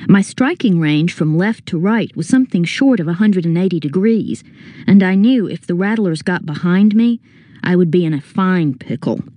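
A woman narrating a story as an audiobook reader, in a measured, earnest first-person telling. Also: on the low side, warm tone.

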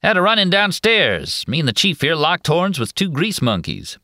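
A man's voice: fairly high pitch, huge pitch swings, normal speed, bright, forceful tone, no room sound, clean studio sound, voice pushed up, exaggerated voice. A man putting on a drawling cowboy swagger. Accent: American cowboy drawl. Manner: drawling, brash.

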